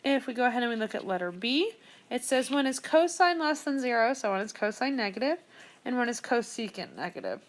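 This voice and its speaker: A woman's voice: a little high, brisk. A young woman teaching a math lesson, talking through each step as she works problems aloud. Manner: steady step-by-step explaining, thinking aloud. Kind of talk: screen-recorded math lesson.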